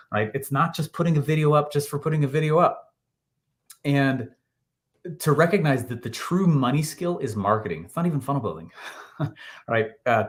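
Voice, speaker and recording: A man in his thirties, a podcast guest telling a story in lively fashion, laughing often and acting out what people said. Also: medium pitch. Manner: animated, laughs often, acts out quotes. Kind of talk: storytelling interview answer.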